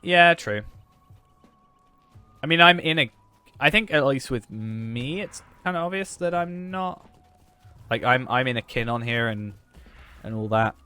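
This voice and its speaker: A man's voice: mid-range voice, expressive, unhurried, long pauses, sharp tone, smooth, no echo. A man, streaming a game and chatting casually with viewers while he plays, cracking jokes. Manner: joking, chatty, talks to chat while playing. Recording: faint background music.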